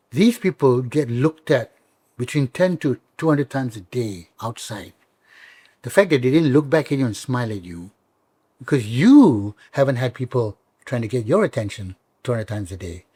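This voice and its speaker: A middle-aged man with a Malaysian English accent tells stories in a relaxed interview. He talks animatedly and acts out the voices of the people he quotes. His voice is mid-pitched and sounds dry and close to the mic. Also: normal speed, slightly rough, no echo. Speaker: comedian guest. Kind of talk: casual interview chat.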